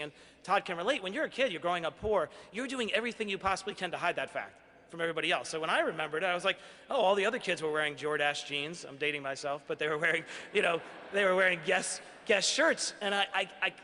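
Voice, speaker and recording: A man's voice: fairly high pitch, pushed and bright. A man from Queens, New York, giving an earnest, self-deprecating acceptance speech as an award honoree at a gala. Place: large banquet hall. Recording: echoey banquet hall.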